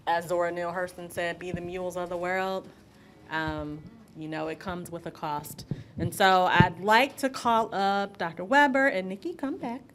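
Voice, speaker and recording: Low-voiced woman presenting a grant, heartfelt, clear crowd and noise around. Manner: emotional, casual and heartfelt. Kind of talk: presenting remarks. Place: event hall.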